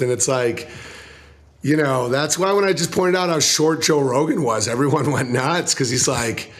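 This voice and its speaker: A male comedian guest telling profane, animated stories in casual interview chat, laughing often. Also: mid-range voice, normal speed.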